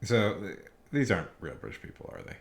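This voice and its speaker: A man's voice: low-pitched, very animated, fast talker, creaky, a little hiss or hum. A man livestreaming casual, rambling commentary, emphatic and repeating his points. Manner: emphatic, repeats himself, restarts often. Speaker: streamer.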